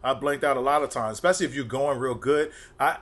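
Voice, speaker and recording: A man, a comedian and actor, telling stories as a podcast guest, animated and profane, acting out quotes and laughing often. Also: medium pitch, fast. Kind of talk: casual chat, storytelling.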